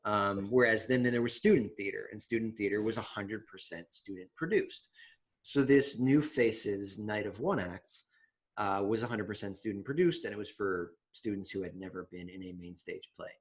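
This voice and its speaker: A young man co-hosting a podcast, telling stories in a relaxed, chatty way with many fillers and restarts. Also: lowish voice, normal speed, husky. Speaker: podcast co-host. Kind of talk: casual chat.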